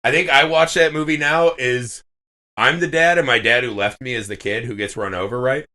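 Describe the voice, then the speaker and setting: A man's voice: mid-range voice, moderate pace. A man in casual podcast chat, telling stories with lots of swearing. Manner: animated storytelling, swears freely. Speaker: podcast co-host.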